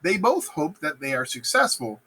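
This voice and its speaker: A man's voice: on the high side, big pitch swings, normal speed, pushed and bright, breathy edge, poor audio. A man casually summarizing a play as a teacher, playful and joking as he talks. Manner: playful, acts out characters in silly voices. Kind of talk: casual plot summary lecture.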